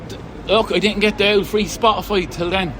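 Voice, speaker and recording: A man's voice: high-pitched, steady tone, brisk. Tipsy, jokey Irish man. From Ireland. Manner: jokey storyteller, swears freely. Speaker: interviewee, fan. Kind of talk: casual chat. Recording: noisy street recording.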